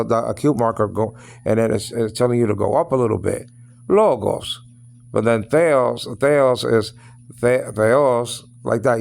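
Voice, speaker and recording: Man, gravelly voice, casual Greek lesson, checks understanding often, halting. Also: medium pitch. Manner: repeats "you understand what I'm saying?"; halting, many fillers and restarts. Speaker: Greek teacher. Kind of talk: informal lesson.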